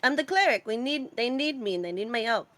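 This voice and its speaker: Little rat-folk cleric girl, light russian accent, cute and eager, voiced by a woman, fairly high voice. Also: expressive, brisk, fairly bright tone, dry recording. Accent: put-on light Russian accent.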